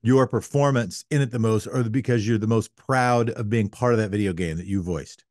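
A man's voice: on the low side, brisk, a little mellow, no room sound, studio quality. A man hosting a podcast interview, asking long questions that he keeps rephrasing and correcting. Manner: wordy, self-correcting questions. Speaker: podcast host.

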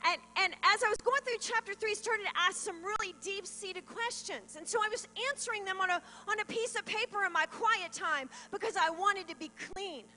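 A woman's voice: very high-pitched, bright, forceful tone. A middle-aged woman telling her testimony from a church stage, earnest and emotional, in a reverberant hall with mains hum. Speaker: pastor's wife giving testimony. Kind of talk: testimony sermon.

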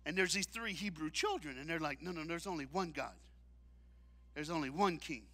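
A man preaching a sermon in a church, dramatic and leading the crowd in call-and-response, swinging from shouts to hushed lines. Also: a little high, lively intonation, moderate pace. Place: church auditorium.

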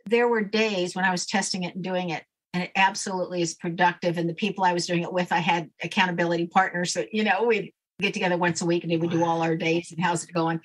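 A woman's voice: fairly low pitch, level tone, quick pace, hardly any pauses. A woman guest explaining a daily routine step by step in a firm, instructive way during a casual interview. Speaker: guest, name expert.

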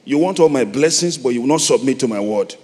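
A middle-aged Nigerian man preaching a sermon, moving from soft, reflective storytelling to loud, emphatic calls. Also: mid-range voice, expressive, fast. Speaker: pastor. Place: large church hall. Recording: long hall reverb, faint noise.

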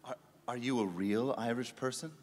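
A man's voice: medium pitch, normal speed, darkish tone. A man performing a comic stage sketch, boastful and teasing. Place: conference hall stage. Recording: live stage mic in a hall.

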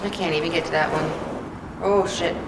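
A woman's voice: low voice, steady tone, fairly quick. Cursing woman gamer in an echoey room. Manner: talks to herself, frustrated, swears often. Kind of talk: let's play commentary. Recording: echoey, distant mic, loud background noise.

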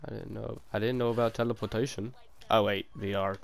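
A man's voice: fairly low pitch, steady tone, gravelly. A young man with a sore throat chatting casually while playing in VR, laughing at himself and swearing freely. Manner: laughing, self-mocking, quick to swear. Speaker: gamer. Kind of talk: casual VR game chat. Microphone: VR headset.

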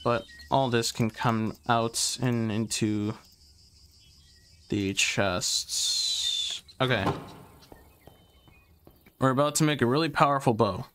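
A man's voice: medium pitch, slow, pauses often, clean tone. Rambling young man, gameplay commentary. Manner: rambling, talks to himself while sorting items, trails off with fillers; excitable, yells taunts when a fight starts. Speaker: gaming YouTuber.

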